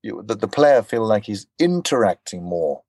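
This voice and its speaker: Low-voiced man telling animated stories. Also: normal speed, no room sound. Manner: animated storyteller, acts out quotes. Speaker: voice actor guest. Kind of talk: casual interview chat.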